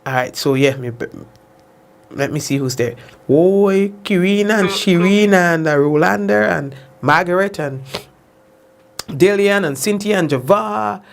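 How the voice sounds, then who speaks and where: A man hosting a casual live news show, chatty and laughing often, his voice jumping high when he tells a joke. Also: unhurried, vocal fry. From Saint Vincent and the Grenadines. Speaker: news host.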